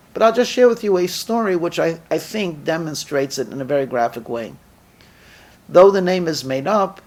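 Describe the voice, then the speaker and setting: A man with a slightly high voice tells a story as a rabbi. He performs a lively storytelling sermon and acts out the characters' dialogue.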